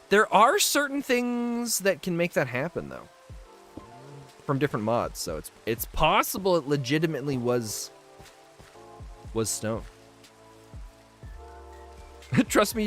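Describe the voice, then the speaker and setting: A man's voice: on the high side, fairly bright tone. A man in his twenties chatting casually on a game livestream, reading out viewer messages and laughing easily as he tells stories. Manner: chatty, reads chat aloud and answers viewers. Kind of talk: casual livestream chat while playing.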